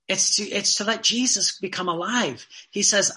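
A fervent religious teacher delivering a sermon-style talk, with a bright, forceful tone at a middling pitch. The delivery is earnest, and it slows down deliberately whenever a passage is read aloud.

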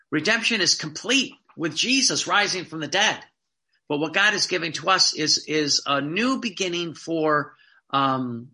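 An earnest male preacher delivers a sermon, stumbling over repeated words and slowing to read quotations. His voice is very bright and sits a little high, with a gravelly fry in it. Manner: earnest, repeats words, reads quotes slowly.

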